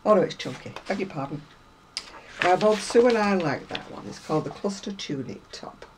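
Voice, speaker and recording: A woman's voice: lowish voice, expressive, normal speed, background noise. A woman chatting casually to viewers about craft magazines, rambling and self-deprecating, a little unwell. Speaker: craft vlogger.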